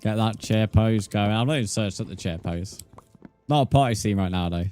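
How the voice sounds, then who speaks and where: Here the game streamer sounds lowish, smooth and a little mellow, talking fairly quickly. Soft music plays behind him and there's no echo as he chats laid-back with viewers, calling them mate.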